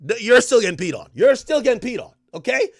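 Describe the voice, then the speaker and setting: A man's voice: very high-pitched, big pitch swings, fast, dry recording, studio quality. A man hosting a livestream, giving profane, joking commentary and laughing often. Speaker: livestream host. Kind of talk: comedic legal commentary stream.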